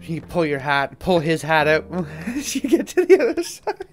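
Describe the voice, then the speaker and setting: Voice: medium pitch, sing-song, unhurried. A person casually commenting on someone's video game play, giggly, rambling and playfully foul-mouthed over game music. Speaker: gamer watching and commenting.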